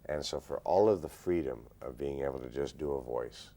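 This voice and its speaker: A male actor answering interview questions in a measured, thoughtful way, pausing often. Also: extremely low pitch, warm tone. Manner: measured, thoughtful, frequent "uh" pauses.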